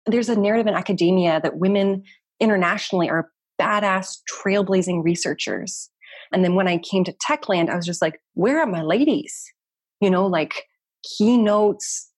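Fast-talking husky woman guest. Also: fairly low pitch, no echo, studio quality. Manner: quick, animated, chatty with frequent "like" and "you know". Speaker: guest researcher and community founder. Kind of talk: casual interview talk.

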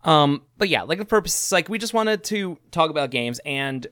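A man co-hosting a podcast in casual chat, rambling and halting, often laughing. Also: fairly high pitch, expressive, fairly bright tone, no echo, studio quality. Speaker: podcast co-host.

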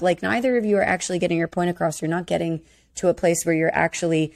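A woman's voice: lowish voice, fast, gravelly. A woman co-hosting a casual chat about a dating show, speaking bluntly and candidly and swearing freely. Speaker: podcast co-host.

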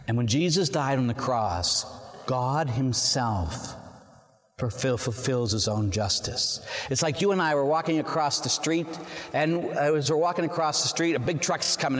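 A male priest gives an animated sermon in a mid-range voice, slipping into the voices of the people in his stories as he tells them. His words carry a long reverb, as though he is speaking in a large church. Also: mid-range voice, moderate pace. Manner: animated storytelling, acting out quoted voices. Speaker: Catholic priest.

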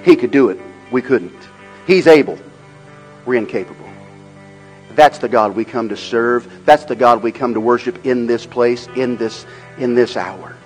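Man preaching with loud rhythmic repetition. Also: moderate pace, faint music behind, poor audio. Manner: drops to a low, quiet storytelling tone. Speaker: pastor. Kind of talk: sermon.

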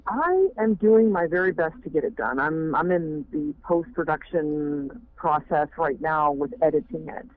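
Male indie filmmaker on a phone line, higher voice, rambling with fillers. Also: animated, measured pace, hardly any pauses, no room sound. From Maine. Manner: rambling, many fillers and restarts. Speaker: fan film director. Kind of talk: casual interview talk.

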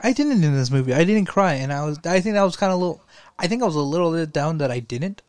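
Excitable swearing man, slightly high voice. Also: fast, no echo. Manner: excitable, swears casually, laughs often. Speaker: podcast co-host. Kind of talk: casual chat.

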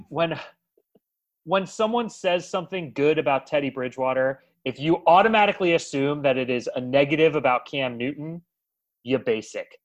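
A man's voice: a little high, highs cut off. Man ranting on a sports podcast. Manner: teasing, animated ranting. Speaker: podcast host. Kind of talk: casual sports chat.

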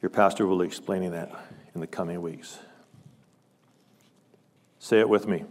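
Male preacher, lowish voice, fervent sermon delivery with loud climaxes and hushed asides; large reverberant sanctuary. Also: steady tone, normal speed, long pauses. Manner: impassioned, swells loud on scripture quotes and drops to hushed asides. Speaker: guest preacher. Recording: long church reverb.

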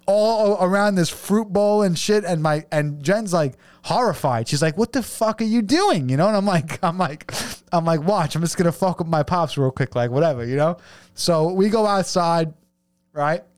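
A man's voice: sits high, expressive, normal speed, no room sound. A man in his thirties, a podcast co-host, telling a long rambling story in casual chat, laughing and swearing often.

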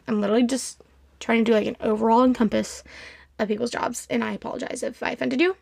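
A woman in her twenties hosting a podcast, talking in an earnest, emphatic way and jumping into quick motivational rants. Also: on the high side, steady tone, creaky, a little mellow, husky, no echo, studio quality. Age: 20s. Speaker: podcast host. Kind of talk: motivational solo podcast talk.

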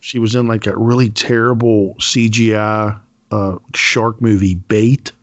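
A man's voice: on the low side, flat delivery, a little slow, lo-fi sound. A man hosting a podcast in casual chat, laid-back and joking, with plenty of filler words. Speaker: podcast host.

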